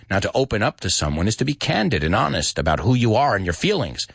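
A man teaching English with movie scenes, acting out lines in a lively voice and adding short glosses. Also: a little fast, breathy edge, dry recording, studio quality. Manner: lively, acts out quoted lines in higher pitch, mixes in Spanish glosses.

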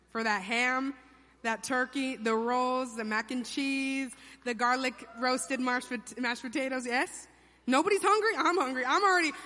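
Young woman preacher, high bright voice, joking around in a big echoey church. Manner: chatty, playful, acts out quotes in funny voices. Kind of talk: sermon. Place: church sanctuary. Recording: long hall reverb.

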